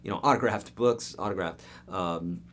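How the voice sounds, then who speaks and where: Male guitar teacher, middle-aged, low-ish voice, casual and upbeat live-lesson delivery. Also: normal speed, a bit bright, slight background noise. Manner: upbeat, chatty, talks directly to viewers by name. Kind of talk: live-streamed guitar lesson answering viewer questions.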